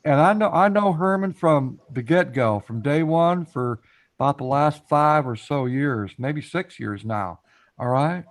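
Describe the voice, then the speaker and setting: His voice sits fairly high, animated yet unhurried, as he hosts a casual live stream panel. He encourages guests to step up and talk, tends to repeat phrases, and addresses the chat directly.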